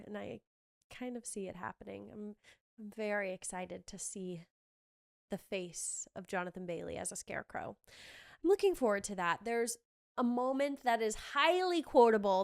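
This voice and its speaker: A woman hosting a podcast, chatting casually and gushing excitedly through a recap with quick asides. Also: mid-range voice, smooth. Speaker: podcast host. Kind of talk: casual chat recapping a trailer.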